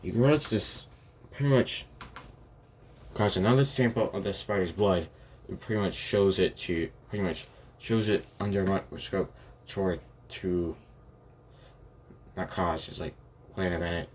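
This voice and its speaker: A man's voice: sits low, measured pace, pauses often, darkish tone, slight background noise. A young man telling an improvised fan story, rambling with constant restarts and quoting each character's lines in his own plain voice.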